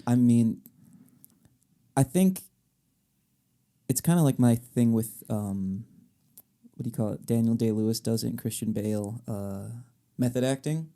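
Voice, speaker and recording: A young man co-hosting a podcast in casual chat, an animated, jokey talker. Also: mid-range voice, measured pace, long pauses. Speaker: podcast co-host.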